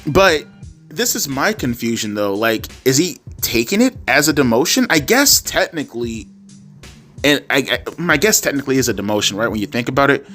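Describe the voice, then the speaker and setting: A man's voice: mid-range voice, sing-song, normal speed, a bit bright. Rambling man ranting over faint music. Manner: rambling, frequent restarts and self-corrections, swears casually. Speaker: wrestling commentary YouTuber. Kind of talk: casual opinion rant. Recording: faint instrumental music underneath.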